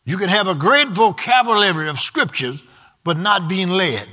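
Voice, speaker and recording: Casting: male preacher, high bright voice, emphatic, call-and-response delivery. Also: expressive, normal speed. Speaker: pastor. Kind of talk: sermon.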